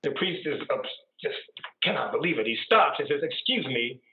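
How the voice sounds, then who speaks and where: A man's voice: fairly high pitch, lively intonation, fairly quick, gravelly, slight background noise. A male priest telling jokes and chatting playfully as a guest on a video call. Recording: tinny echoey video call.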